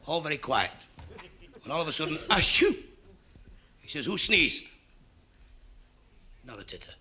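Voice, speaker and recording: A man's voice: fairly high pitch, animated, moderate pace, bright, forceful tone. A man telling short stand-up jokes, acting out the lines of the people in them. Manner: short punchy one-liner jokes with quoted voices. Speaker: stand-up comedian.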